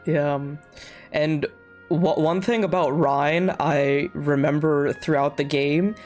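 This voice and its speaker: A man with a fairly high voice co-hosts a relaxed podcast conversation. He talks in an animated way, retelling scenes and slipping into quick quoted bits, with stumbles and restarts along the way. A faint musical bed sits under his voice. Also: faint music behind. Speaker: podcast co-host. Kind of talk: casual chat.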